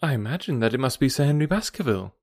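A man voicing a young woman in an audiobook, speaking in a low, eager voice with a slight lisp and hushed, hurried warnings. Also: expressive, no echo, clean studio sound, natural voice. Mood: polite. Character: young woman, urgent and secretive. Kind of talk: audiobook character voice.

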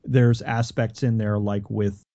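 A man chats casually about movies, rambling and trailing off at the ends of his thoughts. His voice is low and dark, and the recording is slightly dull and muffled. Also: little pitch movement, unhurried. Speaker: podcast co-host. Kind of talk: casual film discussion.

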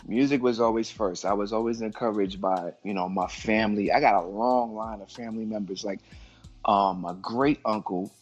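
A middle-aged man from Brooklyn, a guest on a casual podcast, telling lively stories and acting out the voices in them. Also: fairly low pitch, moderate pace. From Brooklyn, New York. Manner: animated storyteller, acts out voices in anecdotes. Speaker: guest artist. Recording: muffled lo-fi audio with faint music.

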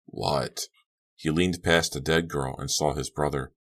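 A man with a very deep voice narrates an audiobook, reading scripted storytelling at a moderate pace. His delivery is steady and clipped.

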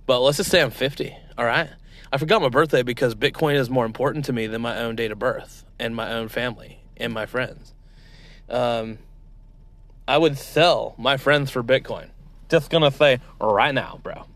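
A man's voice: medium pitch, expressive, normal speed, pauses often, lightly acted. A man playing a parody crypto investor who talks in valley-girl slang, saying like and bro constantly. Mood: airheaded. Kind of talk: comedy sketch impression.

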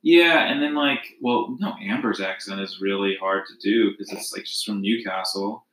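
Casual man co-host, lowish voice, loose rambling delivery, roomy echoey sound. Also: normal speed, fairly bright tone. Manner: rambling, many fillers and restarts. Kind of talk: casual chat about reality TV. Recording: echoey room.

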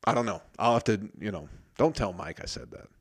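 A man's voice: lowish voice, expressive, brisk, husky. A man telling a story in a casual comedic monologue, profane and rambling, often interrupting himself.

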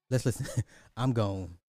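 A man's voice: lowish voice, dry recording, studio quality. A man hosting a reaction video, talking casually with jokes and bursts of laughter. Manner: animated, joking, breaks into laughter.

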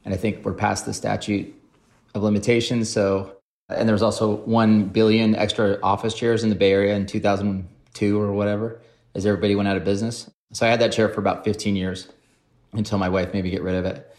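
A man in his forties, a private equity investor appearing as a podcast guest, tells wry, self-deprecating stories about his career. His lowish voice is flat, quick and somewhat dark, and he acts out quotes as he goes.

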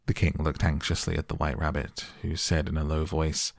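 A man narrates a storybook slowly and soothingly for bedtime listening. His voice is very deep and gravelly, with a husky grain. The sound is close and dry. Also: no echo. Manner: calm, slow, soothing. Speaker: audiobook narrator. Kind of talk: soft bedtime storybook reading.

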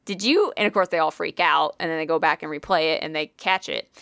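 A woman's voice: sits low, fairly even intonation, fast talker, gravelly, pushed and bright, clean tone, no echo, clean studio sound. A woman co-hosting a podcast, telling a ghost story in casual chat, swearing freely and using lots of fillers.

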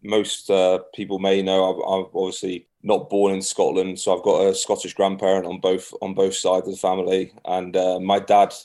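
A man's voice: low voice, monotone, normal speed, few pauses, mellow. A man with an English accent, a guest rugby player chatting casually in a podcast interview, laid-back and modest. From England.

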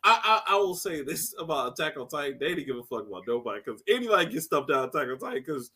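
A man co-hosting a casual podcast, excitable and laughing often, acting out quotes loudly. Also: on the high side, quick pace. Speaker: podcast co-host. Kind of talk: casual chat.

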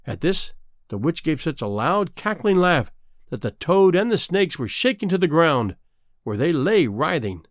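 A man reading a fairy tale aloud as a storyteller, in a dramatic, expressive way. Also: on the high side, unhurried, no echo, studio quality. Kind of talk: scripted narration of a fairy tale.

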